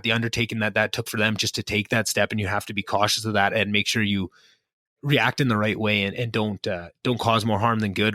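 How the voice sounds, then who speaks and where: A man's voice: medium pitch, pushed and bright, no echo, clean studio sound. A young man hosting a casual podcast catch-up, talking earnestly and reflectively with lots of fillers. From Canada. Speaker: podcast host.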